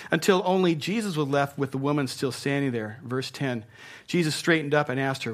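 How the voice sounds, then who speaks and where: A man preaching a sermon as pastor, earnest and emphatic, dropping soft for tender points. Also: fairly high pitch, brisk.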